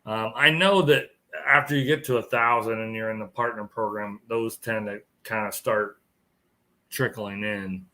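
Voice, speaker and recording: A man's voice: fairly low pitch, steady tone, moderate pace, pushed and bright. Tired man chatting on a live stream. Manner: rambling, chuckles often, greets viewers. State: tired, yawning. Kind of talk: casual live stream chat.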